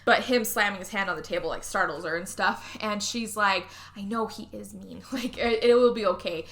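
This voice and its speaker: A woman hosting a podcast, recapping a movie in casual chat, animated and swearing, acting out the characters' lines. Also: medium pitch, moderate pace, creaky. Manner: animated, swearing, acts out quotes. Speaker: podcast host.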